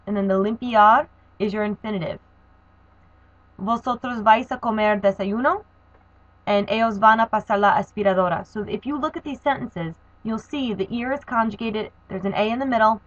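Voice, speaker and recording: A woman walks through a grammar lesson, explaining methodically and spelling out endings one letter at a time. Her voice sits at a middling pitch. The recording is dull and lo-fi, with a dry, close sound. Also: brisk, no room sound. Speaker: Spanish teacher.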